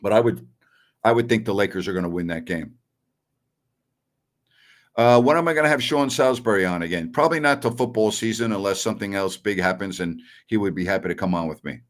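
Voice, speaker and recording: A man's voice: fairly low pitch, expressive, fairly quick. Blunt, opinionated male sports talk host. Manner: blunt and opinionated, scoffs at callers. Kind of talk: live-stream Q&A answering viewer messages.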